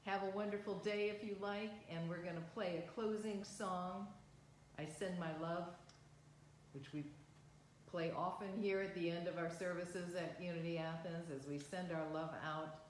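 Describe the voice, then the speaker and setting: A woman minister leading a guided visualization and closing prayer at a livestreamed service, speaking slowly, gently and upliftingly. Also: lowish voice, fairly even intonation, very echoey, a little hiss or hum, low-quality recording.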